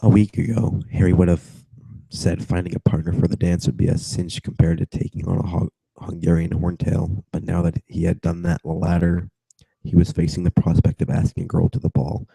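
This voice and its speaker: Low gravelly young man reading aloud. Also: flat delivery, moderate pace, dark tone, no echo, low-quality recording. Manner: reads with giggling tangents and mumbled asides. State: getting over a cold. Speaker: reader. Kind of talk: casual reading aloud on video chat.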